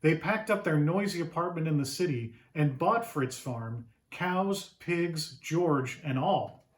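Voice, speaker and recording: A man reading his own picture book to children in an animated read-aloud, pausing to ask them questions. His voice sits a little high for a man. A roomy echo surrounds the recording.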